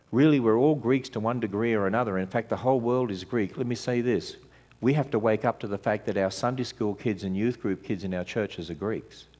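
A man's voice: mid-range voice, a little mellow. A man giving an emphatic sermon-style talk as a ministry speaker, asking rhetorical questions of his audience.

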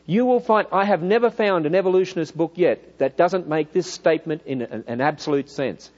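A middle-aged man with an Australian accent, preaching in a church hall, lively and full of rhetorical questions. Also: on the high side, fairly quick, muffled recording. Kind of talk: church lecture.

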